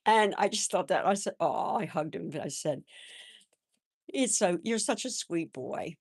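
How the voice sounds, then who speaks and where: An older woman hosting a live stream, chatting in a gentle, rambling way and answering viewers' comments. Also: lowish voice, animated, normal speed, dry recording, clean studio sound. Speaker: livestream host. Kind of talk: casual live-chat talk.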